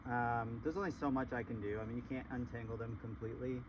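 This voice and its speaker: A man casually chatting through a gardening how-to in his garden, relaxed and chatty with frequent ums. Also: mid-range voice, quick pace, muffled recording, noisy background. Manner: relaxed, chatty, laughs easily, many ums. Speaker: gardening vlogger. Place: outdoor garden in the morning.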